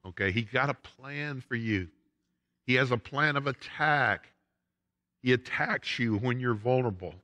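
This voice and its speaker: A man's voice: medium pitch, measured pace, pushed and bright. A man with a Southern US accent preaching a sermon as pastor, emphatic, with rising and falling intensity. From United States. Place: church sanctuary. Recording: long church hall reverb.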